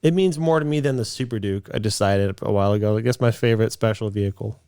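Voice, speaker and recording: A man's voice: lowish voice, quick pace, clear, resonant tone, dry recording. Rambling man in his late twenties, dry sound. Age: late 20s. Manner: rambling storyteller, restarts, animated in quotes. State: a bit out of breath. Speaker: podcast co-host. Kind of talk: casual chat.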